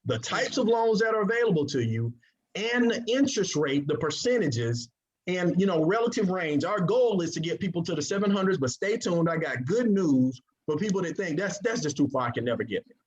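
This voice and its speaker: A man giving an energetic sales presentation, drawing call-and-response from his audience. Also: sits high, normal speed. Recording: dull lo-fi recording.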